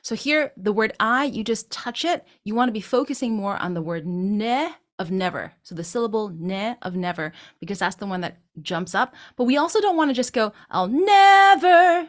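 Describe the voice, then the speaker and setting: A woman's voice: medium pitch, expressive, fairly quick, few pauses. A woman vocal coach teaching a singing tutorial, explaining patiently, tagging her points with questions, and breaking into short sung demonstrations.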